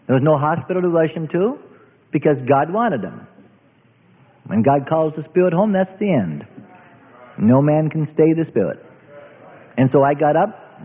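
A middle-aged man preaching a testimony sermon, earnest storytelling that drops low and hushed at tense moments. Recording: tinny lo-fi recording in a reverberant hall.

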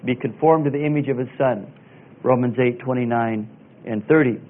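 A man teaching verse by verse through a Bible passage, slow and deliberate, pausing with fillers and spelling out Greek words. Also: mid-range voice. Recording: tinny phone-like sound.

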